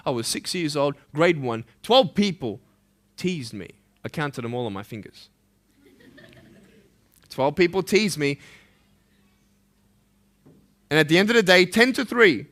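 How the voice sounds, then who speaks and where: Australian guy giving a fired-up school talk, bright forceful voice, kinda high. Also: animated, normal speed, pauses often. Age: 30s. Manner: impassioned, swings from loud pleading to hushed intensity. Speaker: motivational speaker. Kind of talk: motivational school assembly speech.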